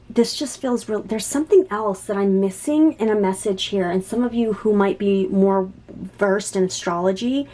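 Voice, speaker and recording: A woman giving a spontaneous tarot reading to camera. She talks in an excited, halting way, with many restarts, and sometimes drops to soft murmurs. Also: medium pitch. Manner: drops to soft whispers while shuffling cards. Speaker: psychic tarot reader.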